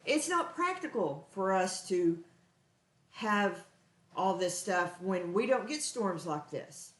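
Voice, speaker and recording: Broadcasting live from her echoey home kitchen, a Texan cooking show host talks in a medium-pitched voice with a Texas accent. Her manner is chatty, folksy and sincere.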